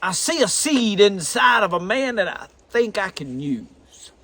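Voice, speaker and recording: A man's voice: sits high, big pitch swings, unhurried, a bit bright. A man with a thick Southern drawl preaching a folksy, earnest sermon. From American South.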